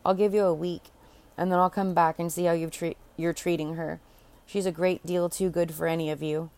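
A woman voicing a bold, sharp-tongued fairy godmother who scolds the court briskly, read as part of a storybook. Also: fairly low pitch, little pitch movement, lightly acted. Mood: scolding.

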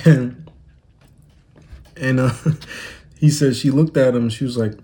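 A man's voice: medium pitch, fairly even intonation, slow, pauses often, mellow. Laid-back young man rambling on a phone. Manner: laid-back, rambling slang-heavy storytelling. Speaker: podcast host. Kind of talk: casual solo monologue. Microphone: phone recording.

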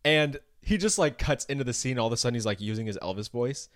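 A man co-hosting a casual celebrity gossip podcast, joking and conspiratorial, telling animated stories. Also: medium pitch, quick pace, no room sound. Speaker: podcast co-host.

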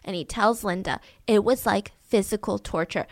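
A woman hosting a podcast, telling a true story in an animated way and acting out the voices. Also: medium pitch, moderate pace, no echo. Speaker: podcast host. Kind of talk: storytelling true-crime narration.

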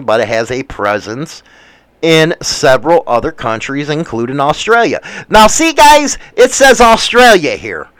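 A man's voice: on the high side, fairly bright tone, dry recording. A man hosting a casual live show, reading news items and rambling with profane, wisecracking asides.

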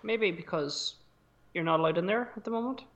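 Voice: mid-range voice, a little fast. A podcast co-host in casual chat, playful and teasing, telling jokes.

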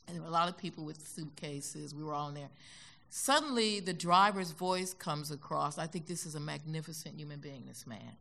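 An older woman with an American accent tells a story on a concert hall stage, acting out the people she quotes. Her low voice is gravelly and has a bright, forceful edge. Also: a little fast. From United States. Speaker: guest. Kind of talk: onstage conversation.

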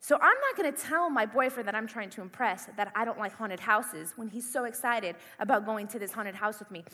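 A young woman preacher telling an animated personal story in a sermon. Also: fairly high pitch, fairly quick. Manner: animated storytelling, acts out screams and panic. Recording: long hall reverb.

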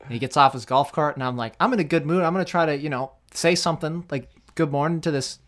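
A young man co-hosting a podcast, telling a story with lots of laughter. He acts out the people in it. His voice sits a little high for a man. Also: fast talker. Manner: animated, laughing storyteller who acts out quotes. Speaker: podcast co-host. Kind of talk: casual storytelling chat.

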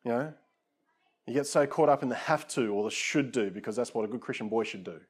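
A male preacher talking in a relaxed, conversational way rather than a formal pulpit tone. He jokes at his own expense and keeps turning to his listeners with asides. His pitch sits in an ordinary middle range. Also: fairly quick, slightly rough. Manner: casual, self-deprecating, lots of asides to listeners. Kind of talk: conversational sermon.

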